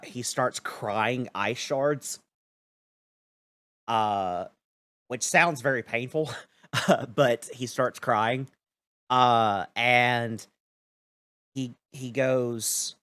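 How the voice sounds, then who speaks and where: A man narrating as game master of a tabletop game, talking in an unhurried way full of fillers. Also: medium pitch, a bit bright, dry recording.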